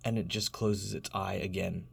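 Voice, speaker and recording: A man's voice: sits low, fairly even intonation, vocal fry, fairly bright tone, breathy edge. Laughing man narrating a tabletop game. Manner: descriptive, laughs often, slows for dramatic beats. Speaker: game master.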